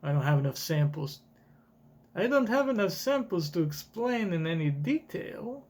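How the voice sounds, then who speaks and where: A man voicing an excitable older genius scientist in a wavering put-on accent while reading a comic aloud. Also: high-pitched, moderate pace. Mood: explaining.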